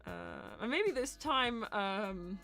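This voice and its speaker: A woman hosting a casual live-stream Q&A, chatty and quick to laugh, turning loud and animated when indignant. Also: on the high side, soft background music. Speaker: host of a live voice-acting show.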